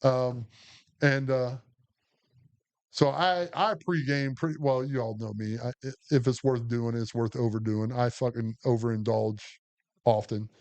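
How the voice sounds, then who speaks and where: A man's voice: mid-range voice, fairly even intonation, a little slow, a little mellow. A man, co-hosting a podcast and telling a long, profane, rambling story full of restarts. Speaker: podcast co-host. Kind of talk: casual storytelling chat.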